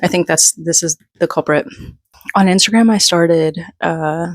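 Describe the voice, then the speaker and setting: A woman's voice: lowish voice, unhurried, no room sound, studio quality. Chatty, out-of-breath woman on a bedroom floor. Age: 30s. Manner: rambling, self-deprecating, chatty. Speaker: book vlogger. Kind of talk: casual chat.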